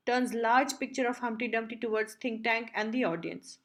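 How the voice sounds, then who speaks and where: A woman's voice: a little high, normal speed, few pauses. Woman narrating a school audiobook. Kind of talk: scripted narration of a play.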